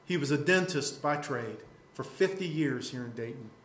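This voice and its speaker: A man's voice: mid-range voice, lively intonation, moderate pace, reverberant, a little hiss or hum. A man preaching a fiery, scolding sermon from the pulpit.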